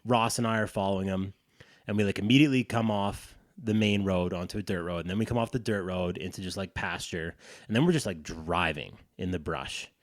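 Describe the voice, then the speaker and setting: A man co-hosting a podcast, telling an animated, profane story in casual chat. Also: sits low, fairly quick, no echo, studio quality. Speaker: podcast co-host.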